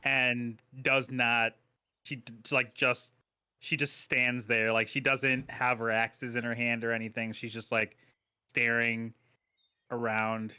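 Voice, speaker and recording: A man at a tabletop game describing his character's actions. His voice is very bright, and he speaks in a casual, blunt way with some swearing. His pitch sits in the middle of the range. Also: little pitch movement, slow pace, smooth, no room sound. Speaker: player.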